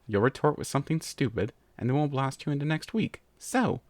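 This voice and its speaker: A man's voice: medium pitch, animated, brisk, dry recording. A man voicing a stern female alicorn princess who is curt and fed up and barely holds back her anger. The sound is close and dry.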